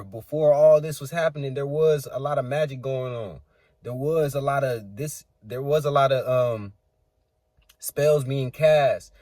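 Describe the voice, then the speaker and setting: A man's voice: medium pitch, a little mellow, no echo. A young man talking in a rambling, earnest monologue about faith and family, repeating himself and swearing freely. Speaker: channel creator. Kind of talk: casual spiritual monologue.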